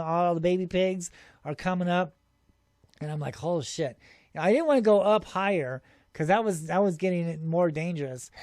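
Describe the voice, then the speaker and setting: A man with a fairly high voice tells a story from his own life in casual, rambling speech. He gets excitable, laughs often and keeps throwing in "dude." The sound is dry and close, with no room echo. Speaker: show host telling his own encounters.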